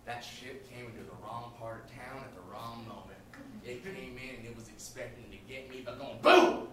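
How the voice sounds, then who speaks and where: An improviser putting on a Southern US accent as a swaggering gunslinger, drawling out a slow tall tale. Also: male voice, medium pitch, animated, heavy background noise, natural voice. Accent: Southern US (put on). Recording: echoey club from far off.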